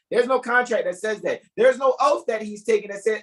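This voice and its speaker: A man's voice: sits high, lively intonation, moderate pace, hardly any pauses, a bit bright, low-quality recording. Profane, emphatic man hosting a call. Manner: profane, emphatic, preachy with jokes. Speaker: host of an online law study group. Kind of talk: casual group call, lecturing.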